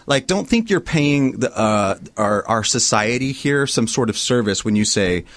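A man's voice: medium pitch, unhurried. A man hosting a radio morning show, chatting casually and riffing with lots of filler words. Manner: animated, riffs with filler words and mock voices.

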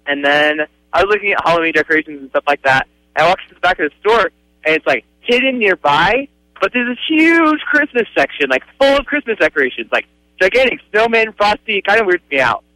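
A young man phones in to a radio show with a rambling, hesitant story. His pitch is a bit high and moves a lot, and his tone is bright and sharp. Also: expressive, fairly quick, dry recording, poor audio. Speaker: caller. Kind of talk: casual phone-in chat.

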